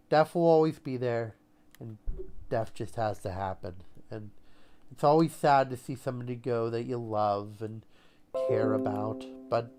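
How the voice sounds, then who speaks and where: A man co-hosting a live-streamed podcast, talking in a rambling, halting way and laughing often. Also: medium pitch, a little mellow. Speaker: podcast co-host. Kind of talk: casual live-stream chat.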